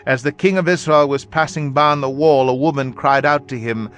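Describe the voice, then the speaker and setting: A man reads scripture aloud at a measured, even pace. His voice sits at an ordinary middle pitch for a man. Soft music plays quietly behind him. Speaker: Bible reader. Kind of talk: scripture reading. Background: faint background music.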